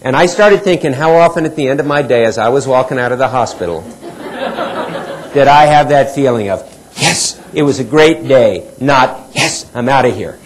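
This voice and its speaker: A middle-aged man speaks at an ordinary, mid-range pitch, giving a motivational talk on healthcare. He tells stories and acts out the dialogue, sinking lower on the points he wants to land. A faint layer of background noise sits under his voice. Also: moderate pace, poor audio. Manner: storytelling, acts out quoted dialogue, drops pitch for emphasis. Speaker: keynote speaker.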